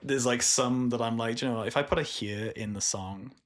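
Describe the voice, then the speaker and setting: A man's voice: medium pitch, fairly quick. A young Welsh man, a musician guest, chatting casually and self-deprecatingly on a podcast. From Wales.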